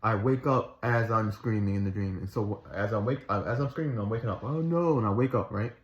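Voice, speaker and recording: A man's voice: on the low side, a little fast. A man casually telling a personal faith story, rambling with restarts and earnest retellings. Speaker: Christian storyteller. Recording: echoey room, slightly dull sound.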